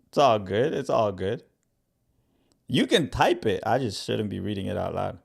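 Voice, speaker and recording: A man's voice: fairly low pitch, expressive, moderate pace, vocal fry, husky. A man hosting a casual livestream as a crypto educator, talking loosely to his viewers with lots of "like" and "right?". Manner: loose and chatty, full of "like" and "right?"; talks straight to viewers, reads comments aloud. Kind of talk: casual livestream talk to chat.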